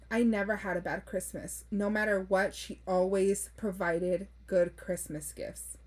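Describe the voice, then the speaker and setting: A young woman with a medium-pitched, slightly rough voice hosts a podcast, reading listener stories aloud and reacting bluntly. She swears freely, laughs often, and code-switches into Spanish phrases.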